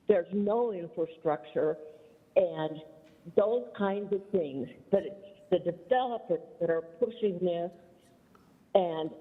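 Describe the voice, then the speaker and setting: A woman in her seventies making an emphatic, defiant public comment at a council meeting, calling in remotely. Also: on the low side. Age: 70s. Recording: tinny phone line played into a reverberant hall.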